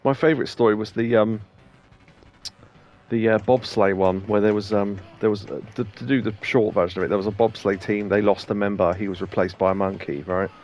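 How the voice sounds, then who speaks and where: A man's voice: lowish voice, fairly even intonation, a little fast, darkish tone, faint music behind. A man co-hosting a let's play, chatting casually and telling rambling anecdotes with plenty of laughs. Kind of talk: casual chat over gameplay.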